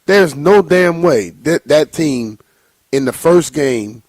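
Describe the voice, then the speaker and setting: A man's voice: a little high, lively intonation, takes it slowly, darkish tone, dry recording. A man co-hosting a sports radio show, bantering bluntly and teasing his partner. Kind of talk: casual sports radio talk. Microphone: studio microphone.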